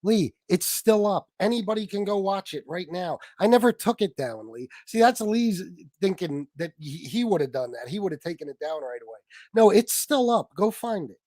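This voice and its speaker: A man's voice: high voice, animated, moderate pace, darkish tone, no room sound. A man hosting a casual chat, talking bluntly with some swearing and sympathetic asides.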